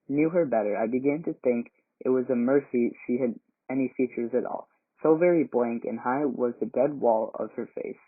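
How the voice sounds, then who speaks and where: Brief: volunteer male reader, measured storybook narration with small slips, mid pitch, phone-thin audio. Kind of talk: reading a classic novel aloud. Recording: tinny phone-like sound.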